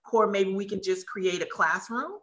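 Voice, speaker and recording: Bright, excited woman hosting a webinar. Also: medium pitch, normal speed. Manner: excited, effusive, many restarts. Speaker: webinar host. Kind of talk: live webinar chat. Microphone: video call.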